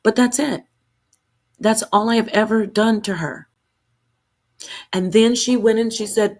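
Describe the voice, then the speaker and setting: A woman's voice: a little high, fairly even intonation, a little slow, pauses often. A woman streamer talking straight to camera in an unscripted rant, heated and defensive, rambling and restarting her sentences.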